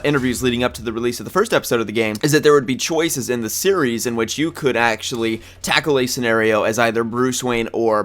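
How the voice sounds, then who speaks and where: A young man, a bit groggy since he just woke up, hosts a casual solo video about upcoming game news. His pitch sits in the middle range for a man. He thinks aloud as he speculates and corrects himself along the way. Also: a bit bright. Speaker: gaming news video host.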